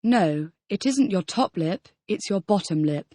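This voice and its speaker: A woman's voice: mid-range voice, lively intonation, a little slow, dark tone, no room sound, clean studio sound. A woman reading the model answers in a scripted audio language lesson, repeating each question as a full-sentence answer. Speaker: model student answering drills.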